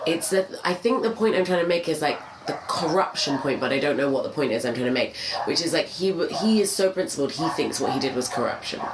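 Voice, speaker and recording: A woman's voice: sits low, lively intonation, fast, few pauses, roomy sound, background noise. A woman, a stand-up comic as a podcast guest, chatting casually and rambling through her thoughts with restarts. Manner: loose, rambling, many fillers and restarts. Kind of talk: casual chat.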